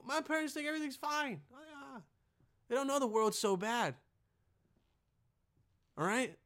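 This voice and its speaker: A man's voice: extremely high pitch, a bit bright. A young man vlogging to camera in a profane, rambling, heated rant full of fillers.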